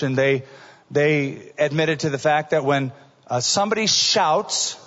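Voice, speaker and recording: A middle-aged male pastor preaching a sermon in an earnest, conversational way, often dropping to a soft voice for asides. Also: high-pitched, breathy edge. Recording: dull recording in a large reverberant hall.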